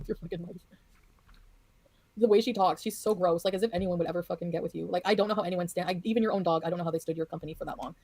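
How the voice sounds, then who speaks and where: A woman streamer rattles off her rant at a quick clip, blunt and profane, brushing off her critics. Her voice sounds close and dry, with no room around it. She talks in a loose, unscripted livestream chat. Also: fairly low pitch, fairly even intonation, dark tone, dry recording.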